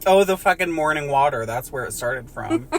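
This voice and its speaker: A woman's voice: extremely low pitch, animated, normal speed. A woman co-hosting a comedy podcast, riffing and laughing in casual chat. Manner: joking, riffing, laughs often. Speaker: podcast co-host.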